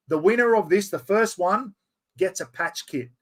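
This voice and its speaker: Middle-aged aussie bloke chatting on a livestream, slightly higher voice, loose and slangy. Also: male voice, normal speed. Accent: Australian. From Australia. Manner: chatty, reads out viewer comments, mate-heavy slang. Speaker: livestream host. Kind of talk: casual livestream chat.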